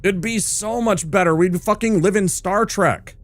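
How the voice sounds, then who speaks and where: A man's voice: sits high, moderate pace, no echo. Sweary, fired-up male streamer ranting. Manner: heavy swearing, exasperated ranting. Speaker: gaming streamer. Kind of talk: ranting while playing a game.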